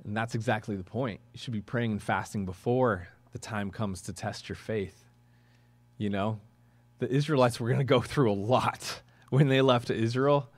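A man's voice: fairly low pitch, moderate pace. A man preaching a sermon in a conversational way, with chuckling asides and questions to the congregation. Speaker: pastor.

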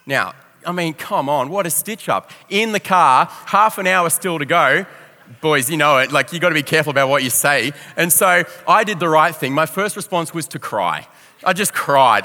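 A young Australian pastor tells a story from the pulpit in an animated, self-deprecating way. His voice is bright and sits fairly high for a man. It rings out with a long reverb through a large church hall. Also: fairly quick. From Victoria, Australia. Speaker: youth pastor. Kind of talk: storytelling sermon.

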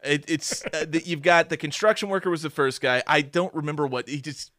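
Higher-voiced man, wry casual chat. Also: steady tone, a little fast, bright, forceful tone, no room sound, studio quality. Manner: chatty, wry, builds arguments aloud.

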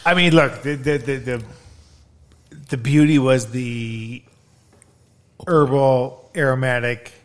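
A man's voice: medium pitch, slow pace, long pauses. Rambling, playful man on a podcast. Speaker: podcast guest. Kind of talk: casual podcast chat.

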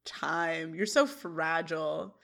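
A woman's voice: sits low, slow pace, vocal fry, fairly bright tone. A woman co-hosting a podcast, recapping episode scenes in casual chat, quoting characters and laughing often. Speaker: podcast co-host.

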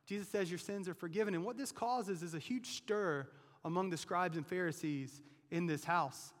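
A man's voice: high-pitched, moderate pace. A male pastor preaching a sermon in a conversational way, often asking "right?" as he talks. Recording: long reverb of a large hall.

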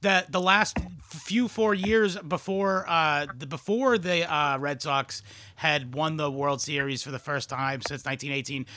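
Blunt, bright-voiced swearing man. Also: fairly high pitch, a little slow. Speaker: podcast co-host. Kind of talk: casual chat.

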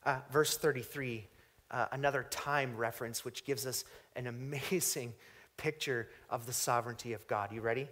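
A man preaching a sermon, reading scripture aloud and swinging from booming emphasis to hushed, drawn-out phrases. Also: steady tone. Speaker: pastor.

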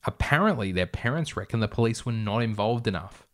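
A man's voice: on the low side, expressive, fairly quick, fairly bright tone. A young man with an Australian accent who reads aloud from his childhood novel and breaks off for wry, self-mocking asides. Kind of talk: comic reading with commentary.

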